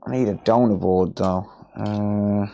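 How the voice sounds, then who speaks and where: A man's voice: on the low side, takes it slowly, vocal fry, dull audio, a little hiss or hum. A man from the West Midlands of England with his regional accent, chatting casually with live-stream viewers while he works on repairs. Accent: West Midlands English. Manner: relaxed, chatty, greets viewers by name. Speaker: repair livestream host.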